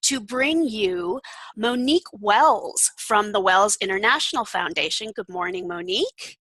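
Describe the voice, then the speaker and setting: A woman's voice: medium pitch, lively intonation, a bit bright, no echo, poor audio. A woman interview host with an enthusiastic, upbeat manner, introducing her guest and asking questions. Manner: enthusiastic and quick to laugh.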